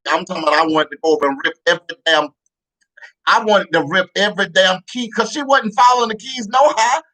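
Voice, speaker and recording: A man's voice: high voice, quick pace, bright, forceful tone. A man telling comic childhood stories in a rambling, profane way with many restarts. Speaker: comedian. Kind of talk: comedic storytelling.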